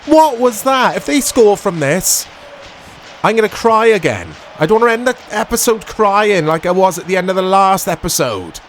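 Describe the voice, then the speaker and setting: A man commentating his own football video game play, excitable and self-mocking, shouting at big moments. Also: high voice, moderate pace, a little hiss or hum. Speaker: gaming YouTuber. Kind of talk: gameplay commentary.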